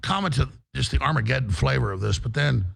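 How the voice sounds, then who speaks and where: A man with a gravelly voice in a heated debate, talking in a dramatic, rambling, alarmist way. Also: mid-range voice, animated, fast talker, no echo. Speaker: debate guest.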